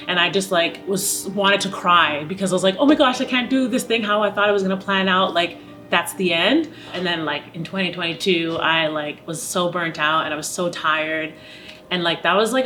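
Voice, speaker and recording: A woman's voice: on the low side, sharp tone. A young adult woman, an opera singer speaking openly in a documentary interview, with many "like" fillers. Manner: open and reflective, heavy use of "like" as a filler.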